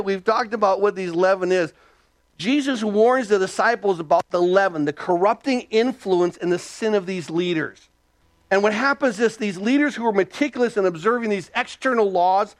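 A male pastor preaching an animated sermon, his voice jumping up and dropping low, with frequent restarts and repeated words. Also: moderate pace, no room sound.

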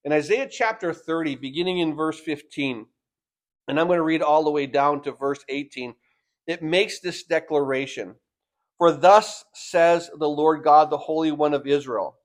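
A man delivers a sermon in a fairly high-pitched voice, moving between loud, emphatic lines and soft, slowly stretched phrases. He often repeats words as he builds his points.

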